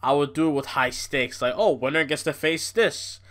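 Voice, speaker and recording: A young man hosting a casual wrestling podcast, ranting in an exasperated, animated way with frequent swearing. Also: on the high side, moderate pace. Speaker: podcast host.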